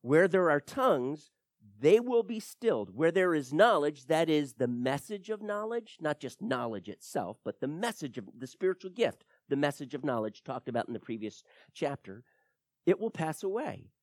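A man's voice: on the high side, normal speed, dry recording. Guy preaching thru bible verses, really emphatic, voice jumps all over, dry sound. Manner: emphatic, animated teaching with frequent repeated words. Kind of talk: verse-by-verse sermon.

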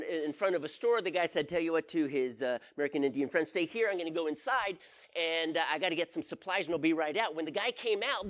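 A man giving a conversational sermon as a preacher, telling stories and putting questions to his audience. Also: high voice. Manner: storytelling, asks the audience questions.

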